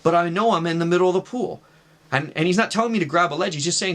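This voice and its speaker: A man's voice: high voice, fast, fairly bright tone. A man in his thirties telling a personal testimony in casual, earnest storytelling, with fillers like "right" and "like". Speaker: vlogger sharing a testimony.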